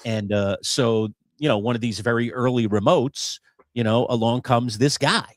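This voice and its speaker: A man co-hosting a live show, spinning a rambling story full of "you know"s. His voice is mid-pitched and sounds dry and close. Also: normal speed, no room sound. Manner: storytelling, many fillers. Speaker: co-host. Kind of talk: live podcast chat.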